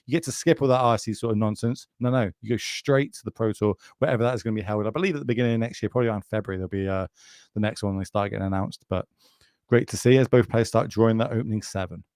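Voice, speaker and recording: A man's voice: fairly low pitch, very fast, darkish tone, no echo, clean studio sound. A British man commentating live on a card game tournament, chatty and joking, plugging the channel between plays. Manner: chatty, jokey, plugs the channel.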